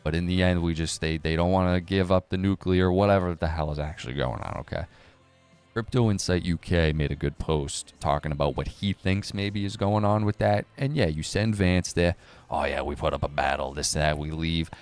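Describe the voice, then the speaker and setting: A young man hosting a crypto news live stream, rambling casually with sarcasm, swearing and quick jumps between topics. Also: deep voice, steady tone, a little mellow, clear, resonant tone, faint music behind.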